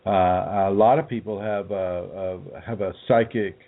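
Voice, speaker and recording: A man, a spiritual teacher, answering listener questions on a broadcast in a halting way with many fillers and restarts. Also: lowish voice, fairly even intonation. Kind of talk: casual radio broadcast talk. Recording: tinny phone line.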